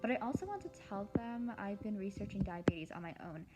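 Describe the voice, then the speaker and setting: A woman reads a children's chapter book aloud in a mid-pitched voice, giving the teen heroine a warm, lively delivery. Soft music plays steadily behind her. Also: fairly quick. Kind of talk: reading a storybook aloud.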